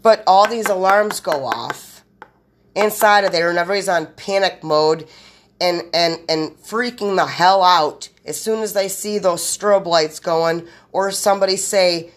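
A woman hosts her own podcast and rambles straight to her listeners in a solo monologue, stacking run-on sentences one after another. Her voice sits a little low and her pace is measured, and she swears freely and bluntly.

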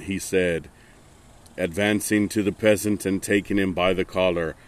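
A man narrates a storybook fable in a measured, even manner. His voice is notably deep and low, suited to a calm bedtime reading.

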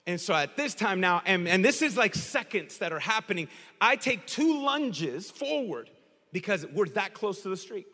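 A bright, high-voiced male pastor preaching with lively storytelling energy and bursts of shouting. His voice rings out with a long hall reverb around it. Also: normal speed. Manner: animated storytelling, shouts in places. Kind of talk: sermon.

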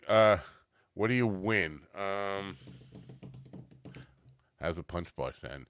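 A man's voice: low-pitched, lively intonation, slow pace, pauses often, fairly bright tone, clean tone. A man hosting a casual chat show, rambling and self-mocking, easily distracted, coming down from a cannabis edible. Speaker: podcast host.

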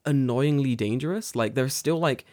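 A young man in casual chat, swearing freely, excitable and laughing often. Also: mid-range voice, normal speed. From United Kingdom.

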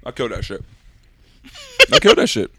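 A loud, brash man, casually boasting and swearing as a podcast co-host. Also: medium pitch, wildly swooping pitch, brisk, husky, no echo. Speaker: podcast co-host and beat producer.

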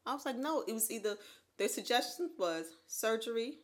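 A woman in her thirties co-hosting a podcast, telling her own story in casual chat, animated and laughing often. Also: on the high side, fairly quick. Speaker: podcast co-host.

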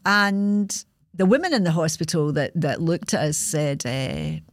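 A woman's voice: low voice, lively intonation, unhurried, no room sound, studio quality. A woman in her sixties with a Scottish accent, hosting a podcast and telling a personal story in a frank, earthy way, swearing freely. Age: 60s. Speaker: podcast host.

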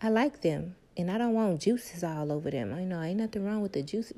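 A woman's voice: fairly low pitch, brisk, dark tone. A young woman, talking candidly and emphatically to her viewers about her love life and self-worth, repeating points for stress. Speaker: vlogger.

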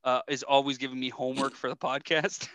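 A man's voice: mid-range voice, flat delivery, fairly quick, fairly bright tone, dry recording. A young man co-hosting a podcast, telling rambling stories and laughing often in casual chat. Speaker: podcast co-host.

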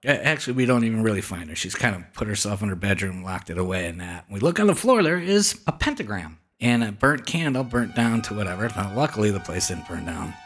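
A man hosting a podcast, telling a story in animated, casual fashion with frequent swearing. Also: on the low side, fast talker, hardly any pauses, soft background music. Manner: animated, swears freely, hushes for quoted whispers. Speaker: podcast host.

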